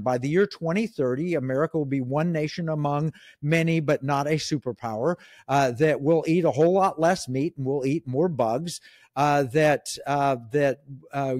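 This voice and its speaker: A middle-aged economic commentator, appearing as an interview guest, speaks emphatically and with strong opinions, frequently restarting his sentences. His voice is slightly high and somewhat dark, at a normal speed, recorded in a clean studio with no echo.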